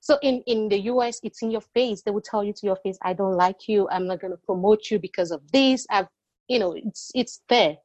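A woman who immigrated to Canada, sharing her experiences as a podcast guest in a lively storytelling way. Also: medium pitch, brisk, dry recording. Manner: animated, acting out quoted exchanges. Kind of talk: personal storytelling.

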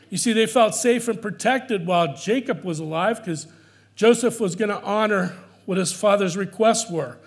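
A male pastor preaching a sermon, earnest and emphatic, repeating his key phrases for weight. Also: high-pitched.

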